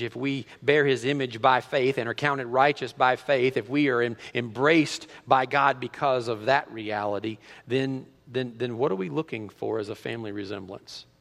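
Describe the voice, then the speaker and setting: A middle-aged man pastor preaching a sermon in a church, animated, full of rhetorical questions and restarts. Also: medium pitch, normal speed, vocal fry, in a large hall. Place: church sanctuary.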